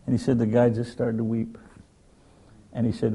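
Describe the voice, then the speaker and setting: A man's voice: medium pitch, monotone, normal speed, creaky, dark tone, husky. An older man preaching a sermon, telling stories in an earnest, direct way. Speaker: pastor.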